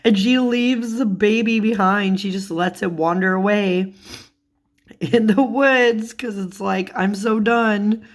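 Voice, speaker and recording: A woman's voice: mid-range voice, slow. A woman in a casual vlog, chatting about tarot cards, laughing often and swearing casually. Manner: giggly, laughs often while talking. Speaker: tarot vlogger.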